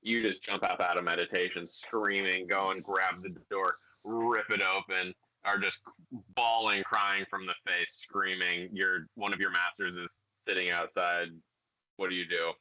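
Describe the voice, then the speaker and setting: A man's voice: low voice, level tone, moderate pace, sharp tone. A young man narrating as game master of a tabletop game, loose and full of fillers. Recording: dull lo-fi home recording.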